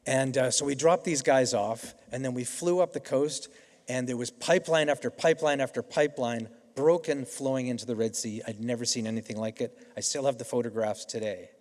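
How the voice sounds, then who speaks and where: A man's voice: medium pitch, steady tone, a little fast, a little mellow. A middle-aged Canadian man giving a convocation keynote, telling stories in a conversational way with frequent restarts. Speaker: keynote speaker. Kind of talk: convocation speech. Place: large hall. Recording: reverberant hall.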